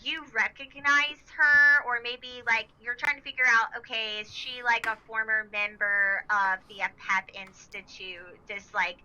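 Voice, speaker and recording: Bright, slow-talking woman running a game. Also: a little high, fairly even intonation. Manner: chatty, many fillers and restarts, laughs easily. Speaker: game master. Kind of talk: narrating a tabletop game. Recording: dull lo-fi recording.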